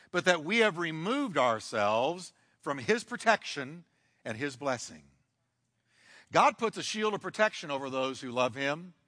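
High, bright-voiced preaching man. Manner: emphatic preaching, with sweeping shifts in pace and dramatic pauses. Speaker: pastor. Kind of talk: sermon. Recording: long hall reverb.

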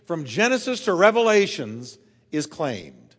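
Emphatic high-voiced male preacher in a hall. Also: big pitch swings, moderate pace. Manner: emphatic, swings from quiet to loud, stretches key words. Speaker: pastor. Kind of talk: sermon.

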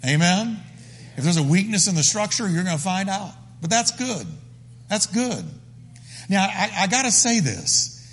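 Pastor guy preaching, pretty high voice, lots of repeating for emphasis, big reverby hall. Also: big pitch swings, unhurried, husky. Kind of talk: sermon.

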